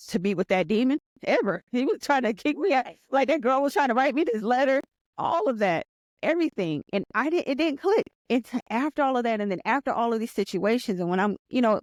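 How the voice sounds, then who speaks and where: A woman in her forties tells her own story as a podcast guest, earnest and animated, circling back with repeated phrases and restarts. Her voice sits at a middling pitch and comes across close and dry, with no room around it. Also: dry recording. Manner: earnest and animated, reliving events aloud; often repeats herself and restarts sentences. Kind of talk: personal storytelling in conversation.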